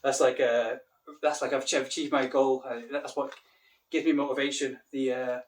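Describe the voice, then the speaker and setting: A man's voice: medium pitch, level tone, normal speed, recorded from a distance. A man with a Mancunian accent, an English teacher talking casually to camera, rambling and restarting his sentences. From Manchester, England.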